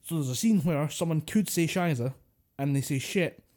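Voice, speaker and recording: A man talks casually as a podcast co-host. His voice is mellow and relaxed. He often breaks into laughter. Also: on the high side, normal speed. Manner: chatty, laughs at his own jokes. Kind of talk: casual chat.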